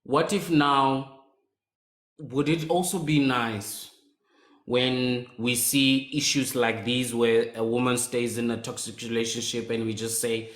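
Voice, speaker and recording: A man's voice: medium pitch, steady tone, moderate pace, a bit bright. A man hosting a live stream discussion, thoughtful and hesitant, with many fillers. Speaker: host. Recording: roomy echo.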